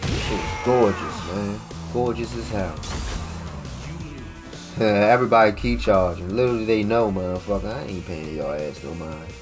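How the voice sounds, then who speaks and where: A man streams a fighting game and chats casually, swearing, joking and rambling in a laid-back way, sometimes breaking into goofy freestyle rhymes. His voice is lowish, his pace moderate, with few pauses. Game music plays loudly underneath.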